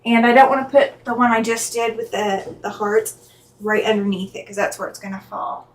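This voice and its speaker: A middle-aged woman chatting casually on a live stream as she lays out quilt blocks in her sewing room, reading viewer comments aloud and thinking out loud as she works. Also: a little high, steady tone, normal speed, low-quality recording. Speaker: quilting channel host.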